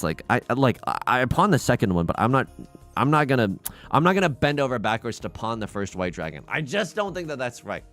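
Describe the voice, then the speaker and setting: A man commentating his online mahjong game on a live stream, swinging from mutters to shouts and laughs. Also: mid-range voice. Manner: wildly swinging, shouts and cries out, laughs often.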